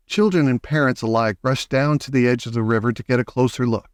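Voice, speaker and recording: A man reading a children's story aloud in a lively, expressive way. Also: medium pitch, fairly quick, hardly any pauses, no echo, studio quality. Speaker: audiobook reader.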